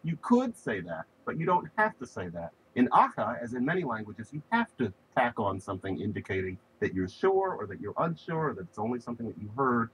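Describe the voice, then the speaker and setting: A man's voice: medium pitch, very animated, a little fast, few pauses, a bit bright, a little hiss or hum, low-quality recording. A man giving a recorded lecture on linguistics, explaining ideas through spoken examples and stressing key words.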